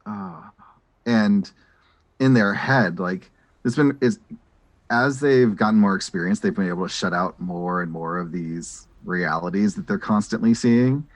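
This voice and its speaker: A man's voice: on the low side, measured pace, no room sound. A man playing a tabletop role-playing game, chatting enthusiastically about his character. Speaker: player. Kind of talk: tabletop role-play chat.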